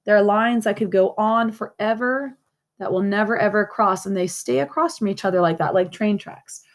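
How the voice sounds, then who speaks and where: Woman teacher, recorded lesson for young kids, slow patient explainer, repeats key points. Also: medium pitch.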